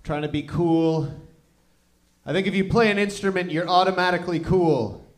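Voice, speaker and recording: A man doing stand-up comedy on a club stage, delivering deadpan one-liners. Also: high-pitched, normal speed.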